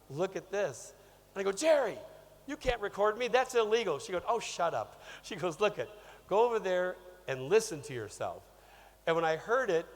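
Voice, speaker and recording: A man giving a motivational business talk to an audience, energetic and conversational, often asking "okay?". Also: on the high side. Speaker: business trainer speaking on stage. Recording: long reverb of a large hall, faint hum.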